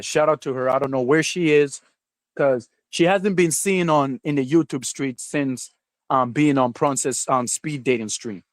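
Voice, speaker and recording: A man hosting a livestream, chatting casually in a rambling, halting way with lots of fillers and restarts, sometimes with his mouth full. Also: mid-range voice, no room sound. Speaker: livestream host. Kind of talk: rambling casual stream chat.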